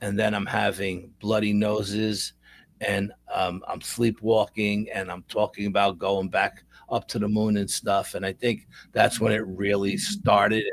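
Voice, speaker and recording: Gravelly low-voiced man telling a story. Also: flat delivery, measured pace, no room sound. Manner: rambling anecdotal, repeats words. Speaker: guest paranormal investigator. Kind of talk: casual storytelling interview.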